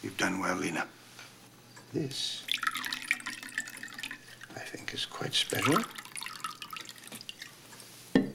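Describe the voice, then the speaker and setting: A vain small-town doctor, with a low, gravelly voice that swings up and down as he boasts. The film soundtrack has noticeable noise behind him. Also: lively intonation, extremely slow, long pauses, exaggerated voice. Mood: boastful. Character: vain ambitious small-town doctor, middle-aged man.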